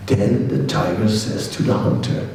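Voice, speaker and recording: Slow mellow monk telling a story. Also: male voice, on the low side, creaky. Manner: animated storyteller, acts out voices, chatty asides. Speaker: monk giving a scripture class. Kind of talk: lecture storytelling. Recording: echoey hall from far off.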